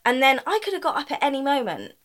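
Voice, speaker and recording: Female co-host, casual chat, earnest and giggly, slightly high voice. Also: very animated, fast talker, fairly bright tone. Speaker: podcast co-host.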